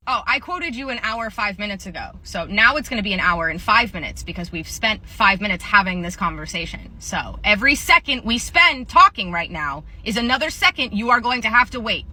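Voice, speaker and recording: A woman's voice: medium pitch, expressive, fast talker, hardly any pauses, sharp tone. A woman telling a comedic retail story and acting out the clerk, sarcastic and casual. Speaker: storyteller, former retail worker.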